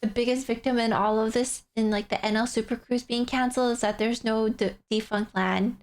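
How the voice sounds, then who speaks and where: High-voiced giggly young woman streamer. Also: a little fast. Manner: rambling, giggly, animated storytelling. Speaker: livestreamer. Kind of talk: casual stream chat.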